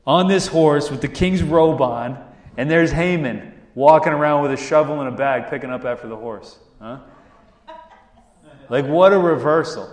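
A man preaching a sermon, telling a story with lively acted-out voices and asking the listeners rhetorical questions. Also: fairly high pitch, normal speed. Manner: animated storytelling, acts out characters, asks rhetorical questions. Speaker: pastor. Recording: echoey room.

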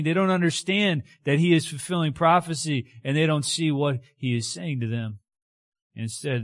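A man preaching a conversational, animated sermon who keeps checking in with his listeners. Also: medium pitch, no room sound, studio quality.

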